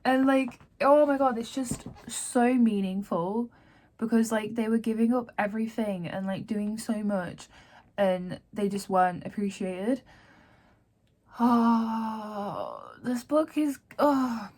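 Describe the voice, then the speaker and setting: A woman's voice: on the high side, slow, darkish tone. A woman from Yorkshire, giving a chatty book-reading update full of "like" and open feeling. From Yorkshire, England. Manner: chatty, heavy use of "like", openly emotional about the book. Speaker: book vlogger and author.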